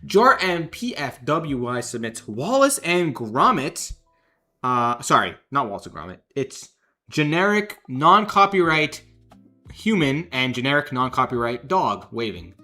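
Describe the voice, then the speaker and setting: During a livestream, a game developer casually judges fan art, joking around, laughing often, and reading donation messages aloud. His medium-pitched voice is very animated, pushed, and bright, yet unhurried, with soft music behind it.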